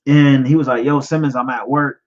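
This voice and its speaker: A man in his thirties, a podcast host telling his own story in a personal testimony, emotional and halting, repeating himself and fighting back tears. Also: mid-range voice, steady tone, darkish tone, lo-fi sound. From United States. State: choked up, near tears. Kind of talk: personal testimony, live stream talk.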